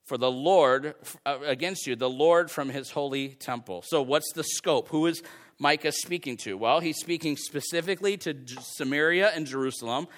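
A man's voice: fairly high pitch, normal speed, a bit bright. A man preaching a sermon on a prophet's words, talking in a conversational way and slipping into quoted voices to make his point.

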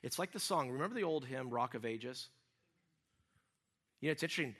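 A middle-aged male pastor preaching a sermon, dropping to a hush and rising to loud cries as he acts out quoted prayers. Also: medium pitch, lively intonation, a little fast, pauses often, breathy edge. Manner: emphatic, swings from hushed to loud, voices quoted cries.

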